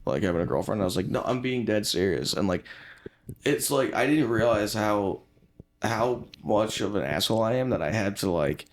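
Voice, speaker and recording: A man's voice: lowish voice, moderate pace. A young comedian chatting as a podcast guest, joking, swearing freely and acting out quotes in his stories. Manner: swears a lot, jokey, acts out quotes. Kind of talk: casual chat.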